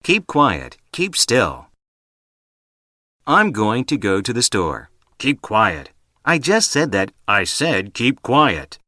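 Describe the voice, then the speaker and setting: A man reading example sentences for an English lesson in a careful, even read. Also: mid-range voice, slow, no room sound, studio quality.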